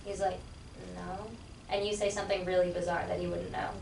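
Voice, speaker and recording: A woman in a comedy class pitching joke ideas in a matter-of-fact way. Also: little pitch movement, fast talker, creaky, a little mellow, slight background noise. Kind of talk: workshop suggestions. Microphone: far room mic. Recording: roomy distant room recording.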